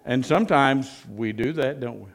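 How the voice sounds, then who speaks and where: A man's voice: medium pitch, normal speed. A male pastor preaching a sermon in a conversational way, often asking the congregation rhetorical questions.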